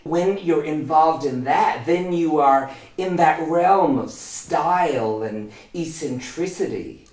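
Man as a lofty fashion academic, unhurried and pompous, in a roomy echo. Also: fairly high pitch, a little mellow, far from the mic. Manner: pompous, slow and deliberate. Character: pompous male fashion academic, self-important.

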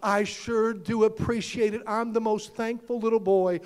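Preacher acting out a thankful little boy, gushing and eager, very high voice. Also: fairly even intonation, normal speed, darkish tone, clear, resonant tone, natural voice.

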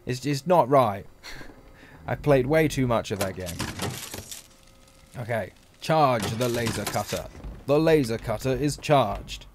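A man's voice: mid-range voice, lively intonation, slow pace, long pauses, background noise. A man giving chatty, rambling let's-play commentary as a gaming channel host, joking and laughing often.

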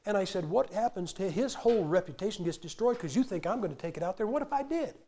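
A man preaching with a fairly high voice. He tells stories animatedly, acting out other people's lines and bursting into sudden shouts. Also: fast. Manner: animated storytelling, acting out quotes with sudden loud outbursts. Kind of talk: sermon.

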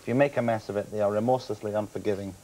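A man in his thirties, a comedian and impressionist, telling animated anecdotes as a guest on a TV sofa and dropping into mimicked voices. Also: fairly low pitch, racing, low-quality recording. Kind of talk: chatty TV sofa interview. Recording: faint hiss of an old TV broadcast.

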